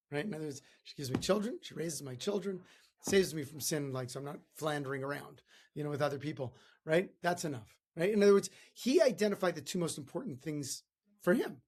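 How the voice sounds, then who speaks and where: A man's voice: on the high side, animated, a little fast, a little mellow, slight background noise. A man hosting a podcast, giving a chatty motivational talk full of stories and asides. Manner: chatty, many fillers and restarts, storytelling. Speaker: podcast host.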